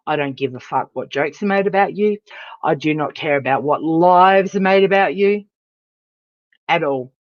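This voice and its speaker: A woman's voice: medium pitch, no room sound, lo-fi sound. A woman hosting a livestream, ranting in a heated, profane, emphatic way. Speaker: livestream host. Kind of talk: angry livestream rant.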